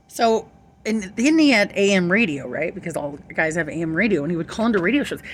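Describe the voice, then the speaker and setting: A woman's voice: on the low side, fairly bright tone, a little hiss or hum. A young woman telling a rambling, profane story to her camera, laughing often. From St. Louis area. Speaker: vlogger.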